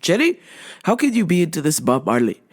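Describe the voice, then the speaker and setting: A stubborn older father lectures and insists, driving the same points home again and again, as a woman imitates him. His pitch leaps and dips as he argues. He sounds scornful and dismissive. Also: very animated, brisk, breathy edge, heavily acted. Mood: lecturing. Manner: insistent, lecturing, repeats himself.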